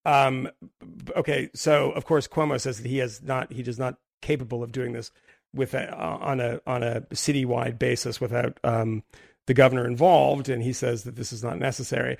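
A man's voice: mid-range voice, fairly even intonation, moderate pace, gravelly, dry recording, clean studio sound. A man co-hosting a podcast in casual chat, rambling and restarting his sentences, often breaking into laughter. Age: adult with a daughter. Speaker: podcast co-host.

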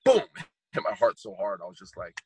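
A man's voice: fairly low pitch, huge pitch swings, normal speed, a little mellow, husky, low-quality recording. A man in his thirties, a podcast guest and motivational speaker, telling a heartfelt story with emphatic repetition while choked up. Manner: emphatic, repeats phrases for impact.

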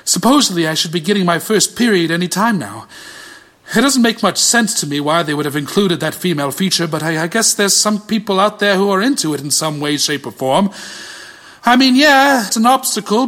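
A man's voice: high voice, expressive, fairly quick, fairly bright tone. A man narrating a comedic audio drama with whiny, self-pitying, rambling asides.

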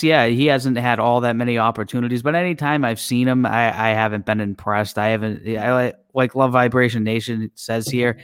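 A man's voice: medium pitch, smooth, no room sound, clean studio sound. A man co-hosting a sports podcast, speaking in a casual, plainspoken way. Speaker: podcast co-host.

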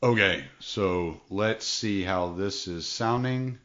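A podcast host with a somewhat low voice eases into his questions, pausing and halting as he goes. The recording sounds dull and lo-fi. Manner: relaxed, halting questions with fillers. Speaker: podcast host interviewing a guest. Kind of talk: casual interview.

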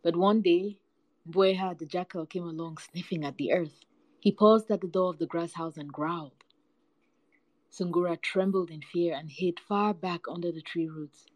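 A woman reading folktales aloud with a lively, varied storytelling delivery. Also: on the low side, normal speed, dry recording, low-quality recording.

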